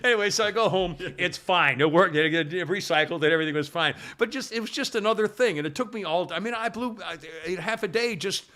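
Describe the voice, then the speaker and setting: A man's voice: sits high, fast, few pauses. An older American man hosting a talk show, telling long rambling stories full of restarts and self-mocking asides. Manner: animated, self-mocking, stumbles and restarts often. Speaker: radio show host. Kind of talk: rambling casual storytelling.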